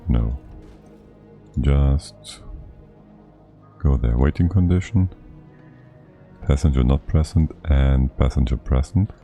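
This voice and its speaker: A man's voice: extremely low pitch, creaky, warm tone. A man streaming a game live, thinking aloud and talking to himself in a slightly out-of-breath, casual way. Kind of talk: casual live-stream commentary while playing.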